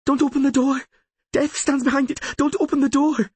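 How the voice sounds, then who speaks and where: A man's voice: extremely high pitch, little pitch movement, fairly quick, darkish tone. A man voicing a frantic young girl screaming a warning in an audiobook.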